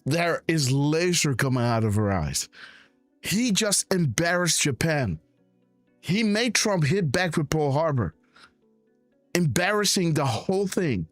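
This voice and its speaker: A man hosting a live stream, reacting to a press clip with excited, mocking commentary and frequent laughter. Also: a little high, unhurried, no room sound, faint music behind. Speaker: host reacting to a news clip.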